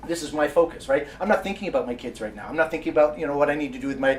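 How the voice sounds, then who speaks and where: Man, motivational seminar presenter, energetic, repetitive, fairly high voice, faint background hiss. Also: very fast. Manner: keeps asking the audience "right?" and "how many know". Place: meeting room with a live audience. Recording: distant mic with faint background noise.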